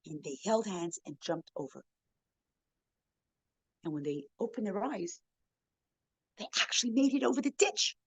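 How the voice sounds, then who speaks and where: A woman's voice: mid-range voice, sing-song, a little slow, long pauses, husky, no room sound, low-quality recording. A woman speaks to a circle of women in a heartfelt storytelling talk, bringing the people in her tale to life with their own voices. Her voice sits in a middle register. The sound is close and dry, with little room around it. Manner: heartfelt, tells a story with quoted voices, softens to near-whisper at the end. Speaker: guest speaker.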